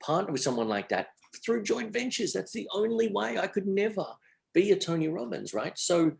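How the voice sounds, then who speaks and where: A man's voice: high voice, very animated, normal speed, creaky, darkish tone. A middle-aged Australian man as a guest on a podcast interview, speaking with energy and emphasis and repeating his phrases. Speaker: entrepreneur guest.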